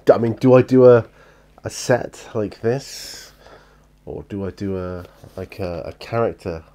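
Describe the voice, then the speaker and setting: British male hobby vlogger, low and mellow, tired, rambling chat. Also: measured pace. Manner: rambling, chatty, with many fillers and restarts. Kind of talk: casual chat. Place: hobby room at home.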